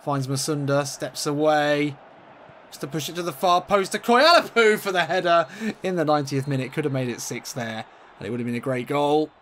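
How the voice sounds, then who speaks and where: A man calling his own football video game in a mock-commentator style, with a fairly high voice that shoots up whenever a chance comes. His delivery is excitable and playful. A faint hum of noise sits behind him. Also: brisk. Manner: excitable, jumps high in pitch at chances, laughs often. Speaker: gaming YouTuber commentating his own match.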